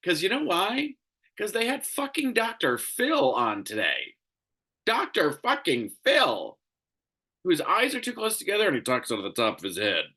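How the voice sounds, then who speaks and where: A man's voice: high-pitched, wildly swooping pitch, normal speed, sharp tone. A man hosting a solo commentary show, ranting in a profane, exasperated way, tired and crabby. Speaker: show host.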